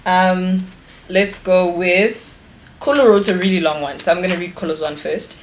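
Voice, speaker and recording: A woman's voice: on the low side, fairly even intonation, moderate pace, slight background noise. A young woman in her twenties, chatting casually to camera and reading friends' letters aloud, prone to giggling. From South Africa. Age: 20s. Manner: chatty, warm-hearted, breaks into giggles. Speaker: vlogger and pageant finalist.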